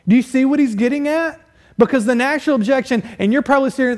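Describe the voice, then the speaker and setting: A man preaching a sermon in a church, firing rhetorical questions at the congregation, swinging between loud, raised emphasis and quiet, low appeals. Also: fast. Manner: asks the congregation many direct rhetorical questions; rises loud and high for emphasis, drops quiet and low to press a point. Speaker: pastor.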